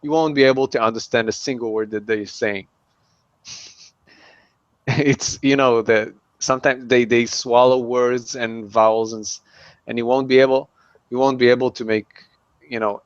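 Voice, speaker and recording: A man, a non-native English speaker, talking as an interview guest in careful, halting speech. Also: mid-range voice, fairly even intonation, no room sound, muffled recording. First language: not English. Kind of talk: casual chat.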